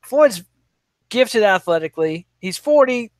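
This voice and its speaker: Man, high voice, podcast co-host, casual and opinionated, dry close sound. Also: animated, measured pace, no room sound.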